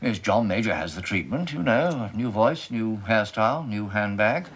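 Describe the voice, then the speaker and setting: An actor playing a wary, jovial Labour politician in a sitcom, chuckling and hesitant with many fillers. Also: male voice, on the low side, animated, normal speed, a little hiss or hum, natural voice. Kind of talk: sitcom acting.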